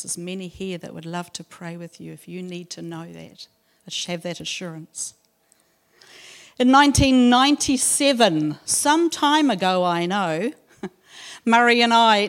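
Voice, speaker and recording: Woman, mid-pitched, slow devotional delivery with gentle humour; reads scripture, then shares her testimony. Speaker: church speaker sharing a testimony. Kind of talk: devotional talk and personal story.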